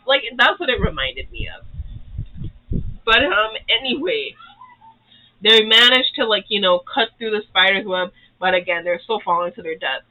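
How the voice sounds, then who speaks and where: A YouTuber casually rambling through a cartoon recap, with constant "like" and "you know" and quick acted-out character lines. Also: expressive. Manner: briefly acts out characters' lines in higher pitch. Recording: tinny phone-like audio.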